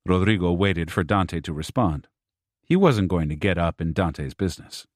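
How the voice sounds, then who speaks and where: A man narrating an audiobook in an even, measured way. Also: low-pitched, dry recording, studio quality. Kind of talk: scripted narration.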